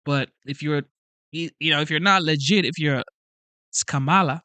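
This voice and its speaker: A man hosting a live stream, talking in an animated, repetitive way, asking rhetorical questions and reading out chat messages. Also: on the high side, moderate pace, dry recording. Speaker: channel host.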